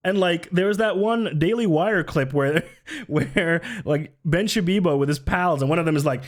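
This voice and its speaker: A man's voice: a little high, moderate pace. A young man streaming casual political commentary, sarcastic and sweary, laughing often and reading chat aloud.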